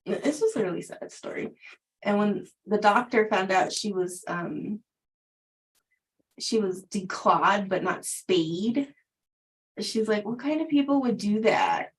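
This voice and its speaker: A woman's voice: medium pitch, very animated, a little slow, pauses often, low-quality recording. A middle-aged woman chats through a personal story on a livestream, in an easy, conversational way. She laughs often between sentences and speaks as a spiritual teacher sharing with her viewers.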